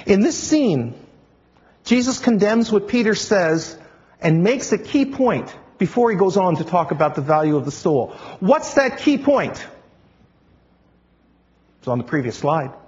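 A man's voice: high-pitched, sing-song, measured pace, long pauses, a little mellow. A man preaching a sermon in a playful teacher style, quizzing his congregation as if they were a class. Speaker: pastor. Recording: dull lo-fi recording.

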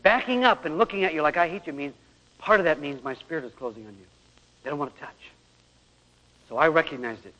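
A man's voice: on the high side, a little fast, pauses often, sharp tone. A middle-aged man preaching a sermon and telling a story from his own family, acting out voices as he goes. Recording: old lo-fi tape in a large hall.

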